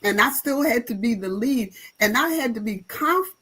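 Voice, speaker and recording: Husky-voiced woman pastor, emphatic. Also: fairly high pitch, animated, normal speed, fairly bright tone, low-quality recording. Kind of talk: panel talk with preaching flavor.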